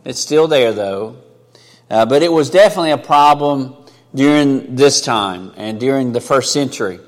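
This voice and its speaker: A man's voice: mid-range voice, normal speed. Preaching man in a reverberant hall. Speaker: pastor. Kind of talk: sermon.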